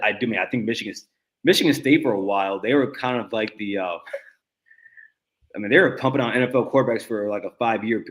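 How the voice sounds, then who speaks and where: A man's voice: on the low side, fairly bright tone. A man in his thirties talking sports casually, with many stuttered restarts. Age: 30s.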